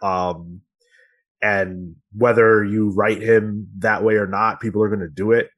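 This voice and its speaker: Casual low-voiced male podcast host. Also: flat delivery, a little slow, highs cut off. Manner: rambling, filler-heavy, conversational. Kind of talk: casual podcast chat and outro plugs.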